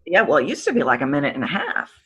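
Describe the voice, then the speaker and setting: A woman vocal coach talking as a podcast guest, animated and emphatic, acting out the voices she describes. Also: sits low, quick pace, breathy edge. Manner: animated, acts out voices to demonstrate; emphatic, drops volume to make a point. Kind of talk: podcast interview.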